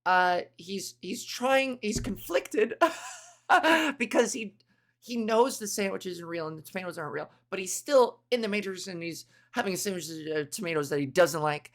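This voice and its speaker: A woman's voice: mid-range voice, animated, moderate pace. A woman comedian hosting her podcast, riffing in a rambling, profane, self-interrupting monologue.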